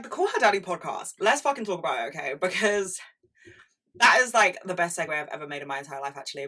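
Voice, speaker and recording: Chatty young woman with a low, bright voice. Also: far from the mic. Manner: chatty, frank, sprinkled with swearing and "like". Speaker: podcast host. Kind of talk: casual monologue on pop culture.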